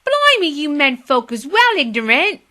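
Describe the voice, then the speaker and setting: A woman's voice: high-pitched, very animated, normal speed, pushed and bright, voice pushed up, full character voice. A woman doing a bossy, cheeky nine-year-old girl. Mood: indignant. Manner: indignant, firm, slangy.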